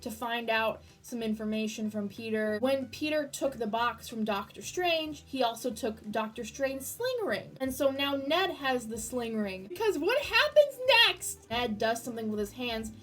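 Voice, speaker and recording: A woman giving an excited spoiler review of a movie, gushing, swearing freely and breaking into near-screams. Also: on the high side, moderate pace, hardly any pauses, distant mic, faint music behind.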